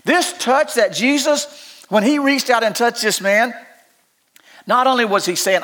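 A male pastor delivering a sermon in a notably high voice. He speaks in a folksy, homespun way, repeating key phrases and rising into impassioned stretches. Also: measured pace, fairly bright tone. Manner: folksy, repetitive, builds to impassioned peaks.

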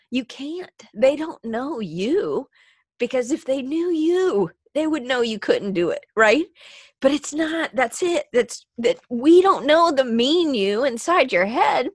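A woman with a slightly high voice hosts a podcast, recorded with studio quality and no room sound. Teary and crying, she delivers a rambling, heartfelt motivational monologue full of restarts and filler words.

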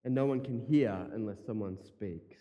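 A man's voice: on the low side, moderate pace, dull audio. A man preaching a sermon as pastor, emphatic, repeating key phrases and dropping in casual asides. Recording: long hall reverb.

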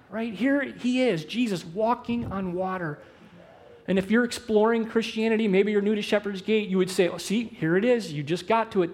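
A man preaching a sermon as pastor, animated, moving between loud emphasis and hushed, slow phrases. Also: extremely high pitch. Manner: quick asides mixed with slow, drawn-out phrases.

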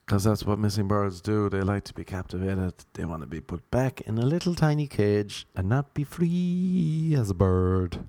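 A man's voice: fairly low pitch, lively intonation, normal speed, few pauses, warm tone, no room sound. A young Irish man with an Irish accent, rambling through a loose comic monologue and drifting off on tangents. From Ireland. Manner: loose, jokey, goes off on tangents. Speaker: comedian.

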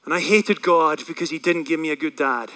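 A man playing an earnest young Bible student who tells his own story with feeling. The voice is high and bright. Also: fairly quick.

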